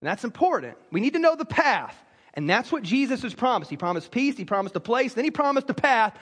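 This South Carolina pastor's sermon comes out very high-pitched, sing-song and quick, with a slightly bright, husky edge. He spins humorous stories for the church and performs the quoted lines, all echoing through a large hall's long reverb.

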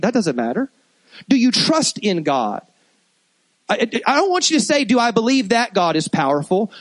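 A man with a high voice preaches to his congregation, animated and conversational, often stopping to restart a phrase. The sound is dry and close, with no room echo. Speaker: pastor. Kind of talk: sermon.

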